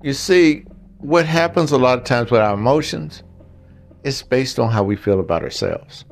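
A man's voice: mid-range voice, animated, normal speed, vocal fry, soft background music. An older man giving blunt relationship advice in a casual monologue, talking straight to the men listening and telling stories along the way. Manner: blunt, storytelling, talks straight to the guys.

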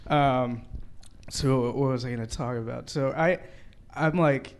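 A man's voice: mid-range voice, a little slow. Laid-back man doing stand-up. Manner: loose, conversational, laughs often at his own jokes. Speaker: stand-up comedian. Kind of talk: stand-up comedy set.

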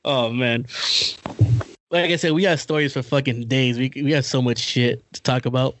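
A man's voice: mid-range voice, steady tone, moderate pace, a little hiss or hum. A young man from Los Angeles, co-hosting a podcast in casual chat, telling stories with lots of swearing and laughter. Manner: profane, laughs often, storytelling. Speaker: podcast co-host.

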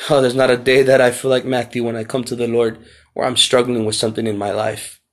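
Male podcast preacher, mid-pitched, impassioned, repeats lines for emphasis. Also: level tone, quick pace. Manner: impassioned, rising to near shouts when reading scripture. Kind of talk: podcast sermon.

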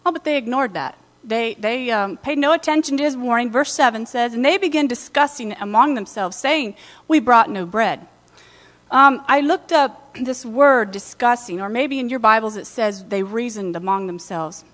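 A woman pastor giving a conversational sermon, retelling scripture with lively asides in a church. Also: on the high side, normal speed, long reverb tail.

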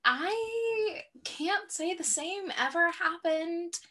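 A young woman co-hosting a casual podcast, her voice high and bright. She talks slowly and mostly reacts to her friend's story with short exclamations. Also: animated. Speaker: podcast co-host. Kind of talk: casual chat.

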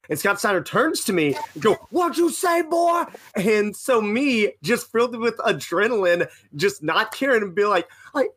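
A man's voice: high voice, a bit bright. A young man co-hosting a casual podcast, telling rambling anecdotes with lots of self-corrections. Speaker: podcast co-host. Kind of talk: casual storytelling.

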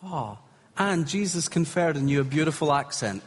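A man's voice: on the high side, expressive, moderate pace, very noisy. Encouraging male preacher in an echoey hall. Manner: encouraging, gently humorous, calls out to the crowd. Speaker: preacher leading a healing service. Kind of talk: live sermon ministry. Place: large hall with congregation. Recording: echoey hall with faint crowd.

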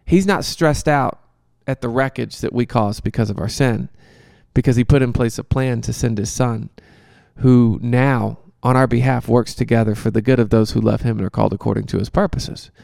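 A man, a pastor, answering a question in casual, conversational Q&A talk, animated and joking at times. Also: mid-range voice, moderate pace, vocal fry, dry recording, clean studio sound.

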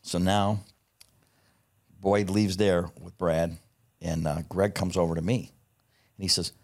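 A middle-aged man telling a profane, lively anecdote in casual conversation. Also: sits low, takes it slowly. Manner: profane, animated anecdote teller. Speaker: guest. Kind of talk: casual storytelling.

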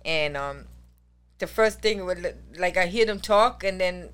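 A woman's voice: on the low side, measured pace, fairly bright tone, clean tone. Woman raised in Germany, podcast guest; easygoing talker who laughs and stumbles over words. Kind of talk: casual chat.

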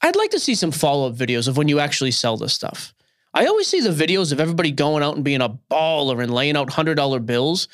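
A man's voice: on the high side, sing-song, quick pace, a bit bright. A man in his thirties co-hosting a podcast, ranting and opinionated in casual chat. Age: 30s. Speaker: podcast co-host.

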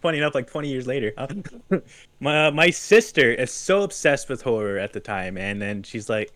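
A man's voice: medium pitch, moderate pace. A man chatting casually on a podcast, telling a story with lots of laughter and acted-out quotes. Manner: lively storyteller, laughs often, acts out quotes. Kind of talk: casual chat.

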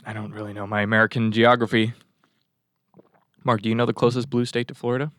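A man's voice: lowish voice, flat delivery, quick pace, a bit bright, no echo, studio quality. A male talk show host giving a rambling, sarcastic commentary monologue and throwing asides to his crew. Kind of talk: casual political commentary monologue.

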